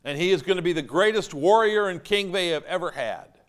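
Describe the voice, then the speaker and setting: Animated, high-voiced male preacher. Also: a little fast. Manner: animated, emphatic preaching with acted-out quotes. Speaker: pastor. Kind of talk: sermon.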